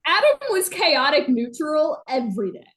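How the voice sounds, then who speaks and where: A woman's voice: high voice, very animated, moderate pace, a bit bright. A woman on a podcast in casual chat, chiming in with wry side comments.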